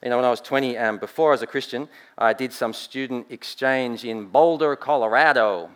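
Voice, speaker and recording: Lively Australian preacher, man. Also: medium pitch, brisk. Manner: lively, rhetorical "right?" asides, swings from loud emphasis to quiet. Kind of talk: sermon.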